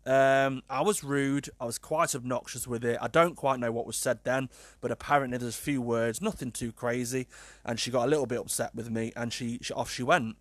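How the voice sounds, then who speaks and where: A man's voice: mid-range voice, steady tone, fairly quick, no echo. A British man, around his thirties, tells a personal story in a rambling, self-deprecating way, full of "um" and "kind of". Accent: British English.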